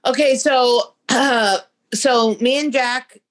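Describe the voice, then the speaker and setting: A young woman, a comedian appearing as a talk show guest, tells a story in casual chat, swearing and acting out the voices of the people in it. Her voice sits high and she speaks slowly, yet her delivery is animated.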